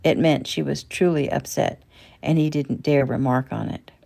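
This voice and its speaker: A woman's voice: very deep voice, vocal fry, warm tone. A woman casually reading her own novel aloud as narrator. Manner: plain, unhurried reading.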